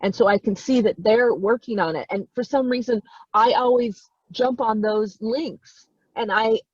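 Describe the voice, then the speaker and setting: A woman's voice: on the high side, moderate pace, slightly rough, dry recording. Tearful woman on a dull video call. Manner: tearful, gushing, repeats herself. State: choked up, crying. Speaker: volunteer genealogist. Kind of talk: emotional participant remarks.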